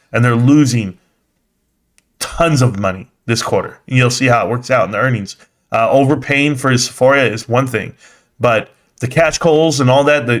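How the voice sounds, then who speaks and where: Blunt, animated male stream host. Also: medium pitch. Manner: blunt, animated, talks back to chat, laughs often. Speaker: livestream host reading and answering chat. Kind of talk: casual livestream market commentary.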